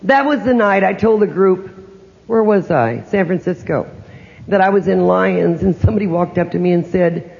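A man's voice: high-pitched, moderate pace, vocal fry, a little mellow. Older guy psychic chatting to the audience, lots of "can't you?", dull lo-fi tape. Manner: conversational, asks the audience rhetorical questions. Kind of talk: lecture with personal stories. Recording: dull lo-fi recording in a reverberant hall.

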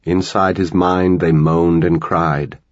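A man narrating an audiobook in a measured, dramatic storytelling manner. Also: deep voice, flat delivery, dry recording, muffled recording.

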